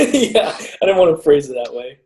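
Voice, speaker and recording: A man's voice: a little high, big pitch swings, normal speed, darkish tone. A man co-hosting a podcast in casual chat, rambling through stories and laughing often. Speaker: podcast co-host; teacher. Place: lives in San Jose.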